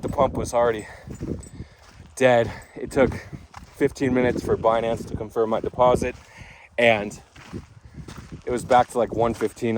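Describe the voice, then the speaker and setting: A man's voice: lowish voice, noisy background. A man vlogging outdoors in a casual, rambling way, full of restarts and asides. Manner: chatty, rambling with restarts and fillers.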